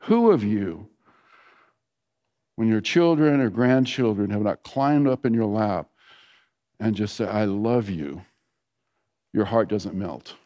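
A man in his sixties preaching a sermon in a conversational storytelling way, dropping to a soft hush when he prays. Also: lowish voice, animated, slow pace, long pauses, in a large hall. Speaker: pastor.

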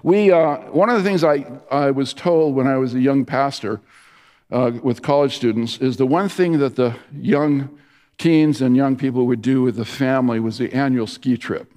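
A man's voice: medium pitch, normal speed, darkish tone. Man preaching, middle-aged, anecdotal sermon with stumbles and restarts, long hall reverb. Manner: storytelling with many restarts and fillers. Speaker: pastor.

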